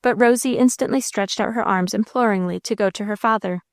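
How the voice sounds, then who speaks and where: A woman narrator giving a measured, expressive reading of a classic novel into a close mic. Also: medium pitch, dry recording. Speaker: audiobook narrator.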